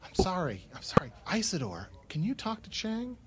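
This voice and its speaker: A man hosting an improvised comedy podcast with an earnest, flustered manner. His voice sits a bit high, and his pitch rises and falls a lot. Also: huge pitch swings, moderate pace, very noisy. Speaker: podcast host.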